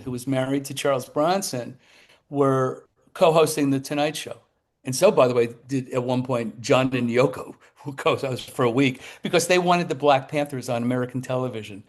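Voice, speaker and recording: A man in his seventies, a talk show guest telling lively anecdotes, acting out the people in his stories as he goes, with some quick bursts and restarts. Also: mid-range voice. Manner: animated storyteller who acts out the people in his tales. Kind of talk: anecdotal storytelling.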